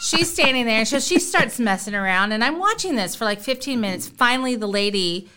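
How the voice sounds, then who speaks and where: A woman's voice: on the high side, animated, fairly quick, noisy background. Chatty middle-aged woman telling a story. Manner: chatty, acts out quoted lines. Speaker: guest on a talk show. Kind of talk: casual storytelling.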